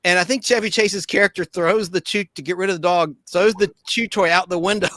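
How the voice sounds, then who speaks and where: A podcast host in his forties tells stories in casual chat, like a host among friends, with a bright, forceful, brisk voice. He's an animated storyteller who slips into squeaky voices when quoting people, and the sound is dry and close with no room echo.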